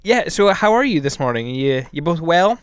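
Friendly guy hosting a podcast, stumbles on words, smooth dry voice. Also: a little high, sing-song, moderate pace, no echo. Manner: friendly, hesitant, repeats words. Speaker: podcast host. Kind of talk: casual podcast chat.

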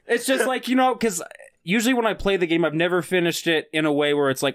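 A man's voice: sits high, fast, no room sound, clean studio sound. A man, telling a game story in casual podcast chat and acting out other players' lines. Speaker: podcast host.

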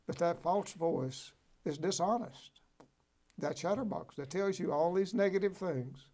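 A man's voice: fairly high pitch, dark tone. A man hosting a motivational talk show, reading from a book and adding folksy, preachy encouragement with frequent "right?" and "okay?" asides. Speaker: host.

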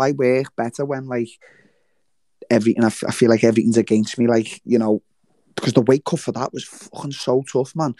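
A man's voice: medium pitch, warm tone, no echo. A man, chatting casually in an interview, swearing freely and telling stories with quoted voices. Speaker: guest fighter. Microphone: remote livestream call.

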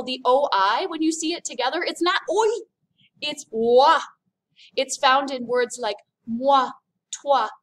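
An American woman teaching a recorded French lesson, upbeat and explaining slowly as she demonstrates sounds. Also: high-pitched, a bit bright. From United States.

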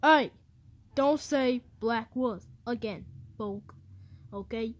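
A woman's voice: mid-range voice, measured pace, slight background noise, close to an everyday voice. A woman voicing Mario as a swaggering, slang-heavy wannabe gangster in an amateur fan movie. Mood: angry. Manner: swaggering slang, dismissive, bossy. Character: Mario acting as a cocky wannabe gangster, male adult.

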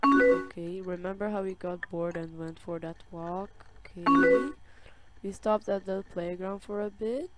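A woman playing a game on camera, reading its chat messages aloud in a slow, drawn-out way and reacting with soft sympathy. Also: medium pitch, fairly even intonation. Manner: reads dialogue slowly, with soft sympathetic reactions. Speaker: gaming video creator. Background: loud game music and keyboard typing.

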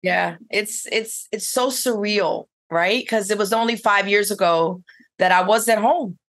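A woman's voice: medium pitch, unhurried, fairly bright tone. A middle-aged woman who owns a spa, telling her story in a casual interview with eager, rambling restarts. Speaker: spa owner and esthetician.

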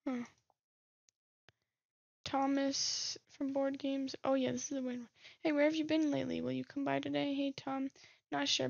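A woman with a high, gravelly, husky voice reads game messages aloud and chats about them as she plays. She speaks in a fairly flat tone, close to a dry, dull-sounding mic. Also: no room sound. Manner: reads messages aloud, muses and laughs at herself. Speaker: gaming streamer. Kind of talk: reading game text aloud with commentary.

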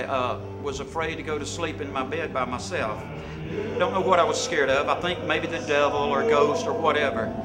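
A man being interviewed, who tells a personal story in a soft, hesitant way. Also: fairly high pitch. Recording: loud music behind the voice.

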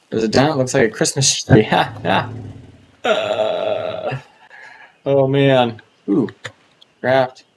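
Chatty gravelly-voiced man streaming a game. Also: lowish voice, a little hiss or hum. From North America. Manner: chatty, talks to himself and the creatures, repeats words. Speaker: gaming streamer. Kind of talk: casual live game commentary.

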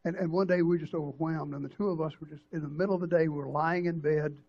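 Older man, pastor's sermon, husky, slightly high voice, halting and emotional, dull lo-fi recording. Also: fairly even intonation. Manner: emotional, halting storytelling with many restarts and acted quotes. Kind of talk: sermon storytelling. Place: church sanctuary.

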